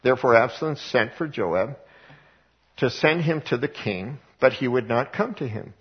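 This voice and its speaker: A man's voice: medium pitch, animated, moderate pace, breathy edge, highs cut off. A male preacher reading scripture aloud and then explaining it in casual everyday words. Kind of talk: verse-by-verse sermon.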